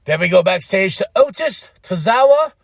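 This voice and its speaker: A man hosting a podcast, excitedly recapping a wrestling show in casual chat, laughing and swearing freely. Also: high-pitched, moderate pace, creaky, no room sound. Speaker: podcast host.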